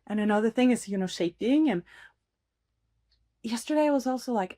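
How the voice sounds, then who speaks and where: In clean, dry studio sound, a woman runs her own casual podcast at a slightly fast clip. Her mellow, high-leaning voice has lively intonation, and she comes across as earnest and encouraging, laughing a lot and leaning on many fillers.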